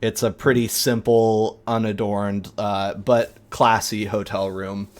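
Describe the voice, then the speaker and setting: A man narrating a tabletop game as game master, relaxed and often pausing on fillers. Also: lowish voice.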